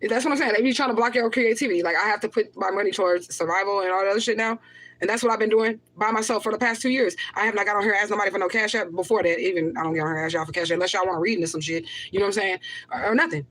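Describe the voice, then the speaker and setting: A woman rattles off her livestream very fast in a mid-range, slightly bright voice. Emotional and profane, she rambles, reads viewer comments out loud, says things over and over, and erupts in anger.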